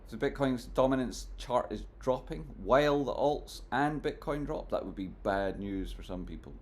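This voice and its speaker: A stock market streamer, a man with a medium-pitched voice, comments live on trading charts at a normal pace. He jokes with his chat theatrically, swinging between mock gloom and loud exclamations.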